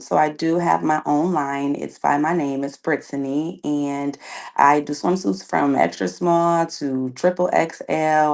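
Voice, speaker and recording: A young woman chats as a guest co-host on a podcast. Her voice sits very low and has a gravelly fry to it. She talks easily and laughs often. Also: a little mellow. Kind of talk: casual podcast chat.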